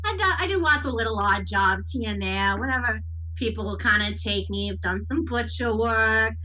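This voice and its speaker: A woman's voice: moderate pace, sharp tone, rough recording. A woman voicing a brawny, teasing tough gal. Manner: teasing, drops low and purring when threatening.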